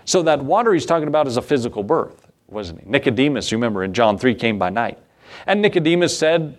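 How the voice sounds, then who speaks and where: A man's voice: medium pitch, big pitch swings, fast. A man preaching a sermon as a pastor, in a conversational way, often asking the congregation rhetorical questions.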